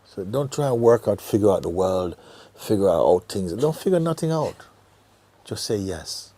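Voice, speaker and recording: A middle-aged man giving a gentle satsang talk as a spiritual teacher, often dropping to a near whisper and laughing easily. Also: lowish voice, expressive, moderate pace. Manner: laughs easily, joyful and earnest.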